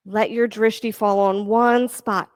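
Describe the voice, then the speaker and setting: A woman teaching a yoga class, giving steady counting cues and encouraging her students. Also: medium pitch, unhurried, dry recording, clean studio sound. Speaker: yoga instructor. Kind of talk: leading a live yoga class.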